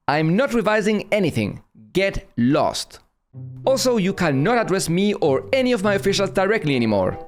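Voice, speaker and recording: A man's voice: high voice, sing-song, moderate pace, faint music behind, pitched above the performer's own voice. A man voicing a stubborn, dismissive Chinese official in a cartoon, answering curtly. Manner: curt, dismissive.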